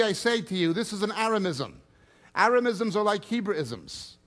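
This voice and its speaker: High-voiced man teaching the Bible emphatically. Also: a bit bright. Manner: emphatic, rising and dropping sharply for stress; reads scripture aloud and then explains it.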